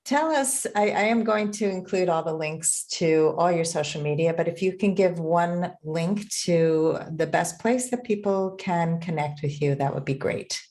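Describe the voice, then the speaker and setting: A woman hosting a podcast interview, speaking in a warm, measured way. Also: fairly low pitch. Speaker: podcast host. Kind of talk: casual interview.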